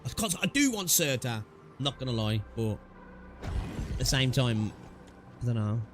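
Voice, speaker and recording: Man, game streamer, casual chatty talk, swears a lot, mid pitch, faint game music under. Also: big pitch swings, unhurried. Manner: chatty, swearing, talks to chat. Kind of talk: casual live gaming commentary.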